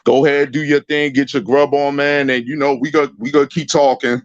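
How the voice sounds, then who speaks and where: A man's voice: mid-range voice, flat delivery, brisk, no echo. A man calling into a livestream, talking loosely with lots of slang and fillers. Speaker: guest caller. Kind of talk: casual call-in chat. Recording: dull, lo-fi dry sound.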